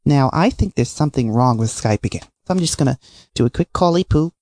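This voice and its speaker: A woman's voice: extremely low pitch, expressive, brisk, mellow, no room sound, studio quality. A woman streamer chatting to her viewers and making prank calls, crude and joking, swearing freely. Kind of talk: casual live-stream chat with prank calls. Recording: voice over guitar music.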